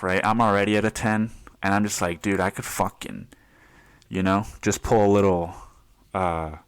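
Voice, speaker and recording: Guy with a really low voice doing a podcast, just rambling thru a story, laughing and cussing a lot. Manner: rambling, laughs often, swears freely. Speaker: podcast host. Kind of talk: casual storytelling monologue.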